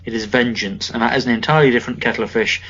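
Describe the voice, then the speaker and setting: A man's voice: medium pitch, fairly even intonation, rapid-fire, fairly bright tone, lo-fi sound, slight background noise. A man co-hosting a casual football podcast, talking in a wry, rambling way with joking asides. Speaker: podcast co-host.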